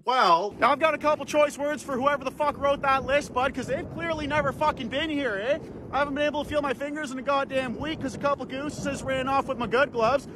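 A man's voice: very high voice, fairly even intonation, fairly quick, background noise. A man playing a crude, grumpy guy who rants foul-mouthed, saying "bud" and "eh". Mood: ranting.

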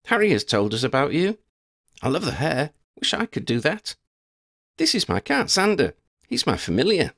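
A man's voice: on the high side, huge pitch swings, normal speed, creaky, fairly bright tone, voice pushed up, exaggerated voice. A man voicing an eager young schoolgirl witch who talks cheerfully and teases.

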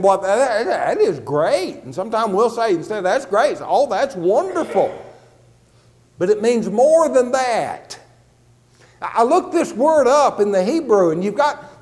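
A man preaching a conversational sermon, teaching on a Bible passage and slowing down to read scripture aloud. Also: sits high, a little mellow, long reverb tail. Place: church sanctuary.

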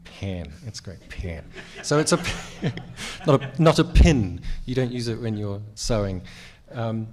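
A man's voice: mid-range voice, lively intonation, unhurried, hardly any pauses, a little mellow. A man with a New Zealand accent, a cartoonist chatting on a convention panel in a wry, self-deprecating way with lots of fillers.

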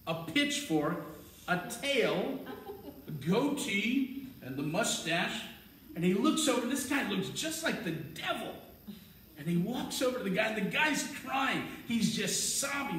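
A male pastor delivers a sermon, rising to loud, fervent emphasis. His fairly high voice rings through a very echoey room. The mic sits at a distance, with a faint hum underneath. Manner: builds to loud, fervent preaching.

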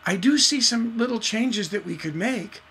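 A man's voice: high-pitched, lively intonation, moderate pace, fairly bright tone, pitched above the performer's own voice. A man doing a gushing adoring fan. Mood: admiring. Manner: gushing, eager.

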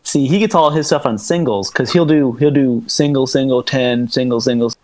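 A man's voice: medium pitch, normal speed, a little mellow, dry recording. A man chatting on gaming voice chat, rambling and hesitant as he talks strategy. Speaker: clan member in voice chat.

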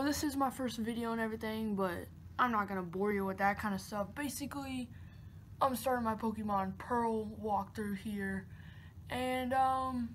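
Excitable young male gaming host. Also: very high-pitched, a little hiss or hum. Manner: excitable, jokey, loud outbursts. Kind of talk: let's-play commentary. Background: game music.

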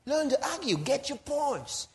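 A male pastor with a very high voice preaches a sermon a little slowly, in a teasing, animated manner. He laughs often and swings between soft asides and loud exclamations.

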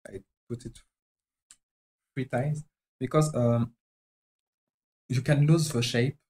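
Halting French-accented man chatting. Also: mid-range voice, steady tone, dark tone, rough recording. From France. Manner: halting and chatty, often searching for words. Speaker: animator streaming live. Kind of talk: casual live-stream chat while drawing.

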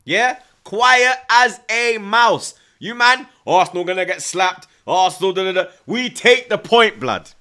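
A young man hosting a live football watchalong, excitable and repetitive, taunting rival fans. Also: high voice, moderate pace, hardly any pauses. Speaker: host of a football watchalong stream. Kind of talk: live fan reaction stream.

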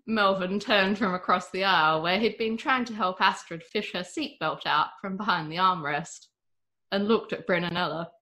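A woman narrating a storybook tale aloud with a lively, expressive reading. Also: mid-range voice, normal speed.

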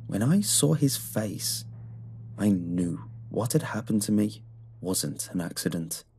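A man reading a horror story aloud in a measured, scripted narration. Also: deep voice, creaky, husky. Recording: soft music underneath.

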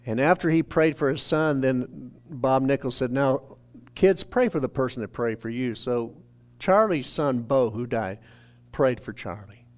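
A man's voice: medium pitch, a little slow. A man from a church staff telling an earnest, emotional testimony in a sermon. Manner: earnest storytelling, rising to shouted quotes.

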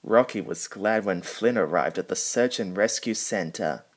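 A man reading a children's storybook aloud, slowly and carefully. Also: lowish voice. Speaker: storybook reader. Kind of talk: storybook narration.

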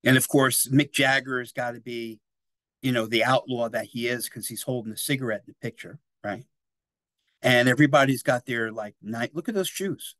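A man's voice: mid-range voice, fairly even intonation, normal speed, a bit bright, dry recording. A man in his sixties giving a casual, rambling history talk at a library, often checking in with his listeners. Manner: chatty and digressive, often tags "right?" and "you know".

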